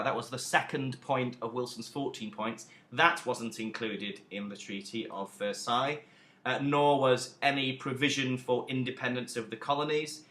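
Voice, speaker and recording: A man teaching a recorded history lesson, emphatic and lively, with self-deprecating asides. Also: mid-range voice, echoey room.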